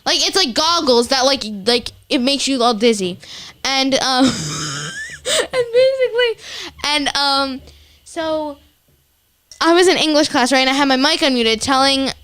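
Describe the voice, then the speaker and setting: A woman's voice: high-pitched, sing-song, a little slow, a bit bright. A teenage girl co-hosting a casual chat show, telling stories in a chatty way full of fillers. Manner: chatty storyteller, lots of fillers and laughs. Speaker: co-host.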